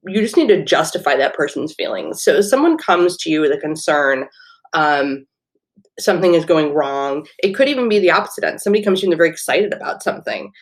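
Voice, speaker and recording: A woman in her thirties hosting a podcast from home, talking earnestly in a rambling way with many fillers and restarts. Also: fairly low pitch. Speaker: podcast host, teacher. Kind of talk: casual solo podcast talk. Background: washing machine running.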